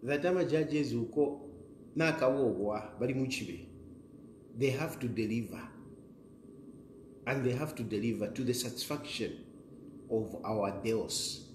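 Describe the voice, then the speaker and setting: A man's voice: mid-range voice, measured pace, long pauses. A middle-aged man with a Zambian accent delivers a fiery political monologue straight to camera, hammering points again and again and slipping into Bemba. His voice sits in a middle register and rings in a reverberant room over a faint background hiss. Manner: combative, repetitive, emphatic; switches between English and Bemba. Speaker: political commentator, show host.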